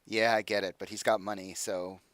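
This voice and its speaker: A man voicing a weary, sardonic young female courtesan in a tabletop game, with a flat, dismissive drawl. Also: on the low side, fairly quick, no room sound, voice pushed down, lightly acted. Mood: bored, dismissive.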